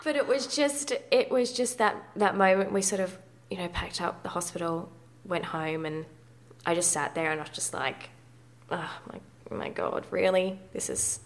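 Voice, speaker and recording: Speaking at normal speed with a fairly low pitch and fairly even intonation, a woman in her thirties appears as a guest in a candid personal interview. She is frank and conversational and uses mild swearing.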